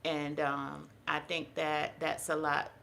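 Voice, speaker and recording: Podcast guest, woman, low voice with a gravelly edge, earnest storyteller. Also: level tone, slow pace, a bit bright, a little hiss or hum. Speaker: podcast guest, holistic health practitioner. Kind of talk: casual podcast conversation.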